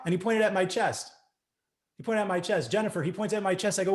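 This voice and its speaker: Middle-aged guy doing a keynote, slightly high voice, acts out all the people in his story. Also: fast. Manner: animated, acts out voices in stories. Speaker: keynote speaker.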